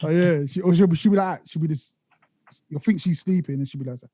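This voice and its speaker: High-voiced laid-back man. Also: fast, dark tone, no room sound, studio quality. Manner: laid-back London slang, laughs often. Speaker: podcast host. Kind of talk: casual chat.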